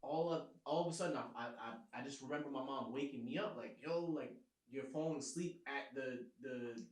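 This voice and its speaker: A podcast co-host with a mid-range voice tells a laid-back story fairly quickly, laughing along as he goes. The recording has a roomy echo.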